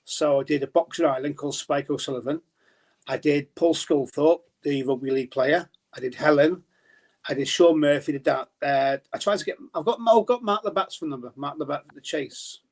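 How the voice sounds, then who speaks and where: A man's voice: on the high side, fairly quick. A man talking as a podcast guest about his darts journalism in a casual, rambling way with many restarts.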